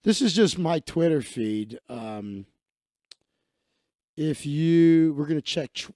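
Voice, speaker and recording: A man's voice: on the high side, lively intonation, takes it slowly, pauses often, a little mellow, dry recording. Profane, rambling man at a close mic. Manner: rambling, profane and offhand, laughing at his own asides. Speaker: livestream host. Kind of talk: casual livestream chat, reading his feed aloud.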